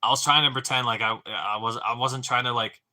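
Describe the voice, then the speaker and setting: A young man chats casually with his live stream audience in a very bright, forward, medium-pitched voice, speaking briskly with fairly even intonation. He rambles through a story, stammering and restarting, swearing freely and dropping "dude" and "bro" into nearly every line.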